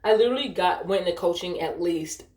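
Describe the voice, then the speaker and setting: A woman's voice: lowish voice, fast, darkish tone. Profane ranting woman in an echoey room. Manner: profane, ranting, easily distracted. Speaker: streamer telling a work story. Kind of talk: casual storytime while gaming.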